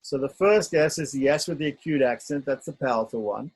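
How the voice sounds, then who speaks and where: Husky man teaching script sounds. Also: mid-range voice, brisk, low-quality recording. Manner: patient, repeats sounds and checks in with "right?". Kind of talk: online script lesson.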